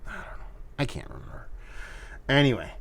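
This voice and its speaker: A man's voice: medium pitch, huge pitch swings, fairly quick, creaky, slightly rough, dry recording. A man giving a casual solo beer review, rambling and hedging with plenty of fillers and restarts.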